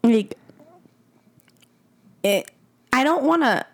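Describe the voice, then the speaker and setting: A woman's voice: on the high side, very slow, gravelly. A young woman hosting a casual podcast, telling a personal story in a rambling way, full of "like" fillers. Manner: rambling, heavy on "like" fillers, animated retelling. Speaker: podcast co-host.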